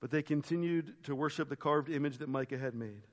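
A man's voice: fairly high pitch, fairly quick. Man preaching in a reverberant hall. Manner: expressive storytelling, voices quoted characters, drops to hushed reflective tones. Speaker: pastor. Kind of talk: sermon. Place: church sanctuary.

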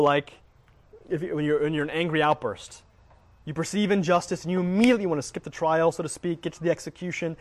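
Middle-aged male Bible teacher, earnest, slightly high voice, repeats words. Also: darkish tone. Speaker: Christian teacher. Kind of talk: teaching talk on faith.

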